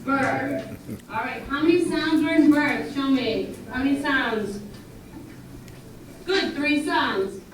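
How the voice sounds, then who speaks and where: A brisk, encouraging woman teacher leads children through a phonics lesson, her voice pitched high. She is heard from far off across a very echoey, noisy classroom. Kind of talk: classroom instruction. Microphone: far camera.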